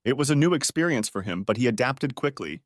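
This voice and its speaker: A man reading a first-person story aloud as an audiobook narrator. His delivery is lively, with a wide pitch swing, and the recording is dry and close with no room sound. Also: fast talker, no echo.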